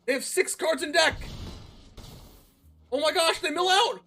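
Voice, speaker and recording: A guy doing high, excitable card-game commentary. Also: unhurried, soft background music. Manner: excitable, yelps and laughs, talks to himself.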